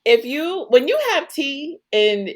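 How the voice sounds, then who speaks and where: Animated, sassy woman podcast host. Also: high voice, slow pace. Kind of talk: casual recap chat.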